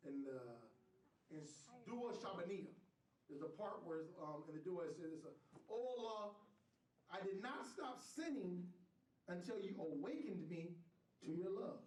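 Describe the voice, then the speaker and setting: Man, Islamic teacher, lively sermon, rhetorical questions, echoey room, distant mic. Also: high voice, measured pace. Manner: animated, rhetorical questions to the crowd.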